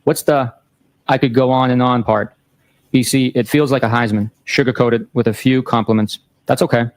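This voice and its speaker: Speaking into a courtroom microphone, a man reads a series of text messages aloud, staying flat and matter-of-fact even when the lines turn teasing. His pitch is an ordinary middle register, his pace moderate, and he states each date and time plainly before reading the messages.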